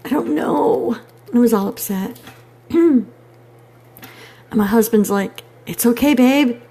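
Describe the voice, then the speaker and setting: A woman's voice: a little high, slow pace, vocal fry, mellow. Chatty woman rambling while painting. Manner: rambling, chatty, talks to viewers. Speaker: digital artist streaming a painting session. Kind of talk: casual chat while painting.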